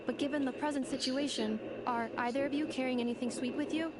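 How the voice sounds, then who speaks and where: A woman voicing a calm, analytical female android caretaker who talks in a measured, formal way in a video game. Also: high-pitched, natural voice. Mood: composed. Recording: game audio with loud noise.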